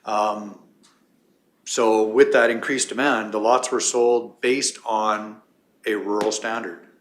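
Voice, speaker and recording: A man from county administration formally answering council questions in a steady, explanatory way. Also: fairly low pitch, takes it slowly. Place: council chamber. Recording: roomy chamber sound.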